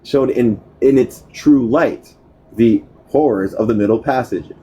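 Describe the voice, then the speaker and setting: A man's voice: mid-range voice, unhurried, warm tone, breathy edge, poor audio. A man reading a history book aloud, often stumbling over words, restarting them and correcting himself. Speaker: book reader.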